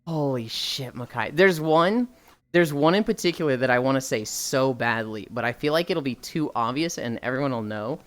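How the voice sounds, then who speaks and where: Blunt, swearing streamer with smooth voice. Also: medium pitch, animated, normal speed. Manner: blunt, swears freely, frequent sighs. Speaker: livestreamer. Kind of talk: casual chat, reading viewer messages aloud.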